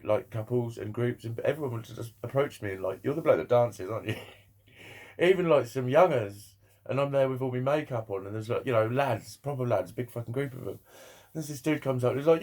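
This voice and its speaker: A man's voice: mid-range voice, a little mellow. A young man chatting casually to camera, rambling and swearing, laughing often between thoughts. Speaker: vlogger.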